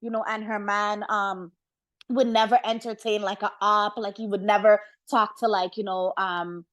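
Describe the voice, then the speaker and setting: A woman hosting a podcast, giving casual gossip commentary in an animated, slangy way, laughing often and using many fillers. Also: medium pitch, normal speed. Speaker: podcast host.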